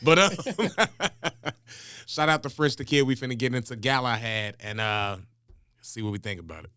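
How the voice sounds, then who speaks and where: A man hosting a music reaction show in casual chat, laid-back and chuckling, giving shout-outs. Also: medium pitch, brisk, clear, resonant tone.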